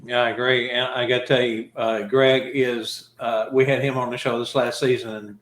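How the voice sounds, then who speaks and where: A male show host with a mid-range voice who talks in an easygoing, halting way. His voice rings out in a roomy, echoing space. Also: medium pitch, level tone, fairly bright tone. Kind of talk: casual interview chat.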